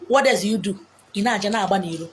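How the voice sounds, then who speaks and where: A woman with a Nigerian Igbo accent delivers blunt, forceful relationship advice in an outdoor monologue on a beach, mixing English, Pidgin and Igbo. Her voice is mid-range and quick, with slight background noise.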